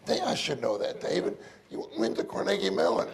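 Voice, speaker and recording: Older guy preaching casually, gravelly voice, kinda high, gets loud and fervent. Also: big pitch swings, brisk. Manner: earnest, exclaims loudly when calling on the Lord. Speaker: preacher at a church meeting. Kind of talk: informal sermon.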